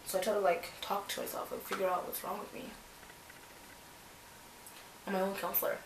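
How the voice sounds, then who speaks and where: A young Canadian woman chats casually while she does her makeup. She rambles along with lots of filler words, at a middle pitch. She sits some way from the mic in an echoey room, with a little background hiss. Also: little pitch movement, a little fast. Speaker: beauty vlogger. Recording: roomy, distant mic, faint noise.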